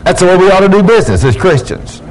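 A man's voice: sits high, big pitch swings, fast talker, poor audio. Folksy preacher man. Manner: folksy preaching, acting out church members' quotes. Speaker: pastor. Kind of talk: sermon.

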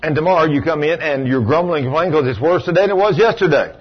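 A man's voice: on the high side, rapid-fire, breathy edge, highs cut off. A man preaching a folksy sermon as pastor, asking his congregation rhetorical questions.

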